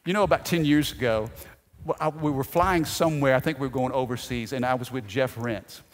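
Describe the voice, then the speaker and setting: A man preaching a sermon as pastor, telling stories with animated delivery and shouting out quoted lines. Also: mid-range voice, a little fast. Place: church sanctuary. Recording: long hall reverb.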